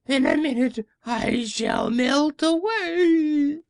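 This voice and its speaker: A man voicing a wicked old witch in a storybook reading, slow and wailing, his voice pushed far up in pitch. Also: wildly swooping pitch, gravelly, dry recording, studio quality, heavily acted.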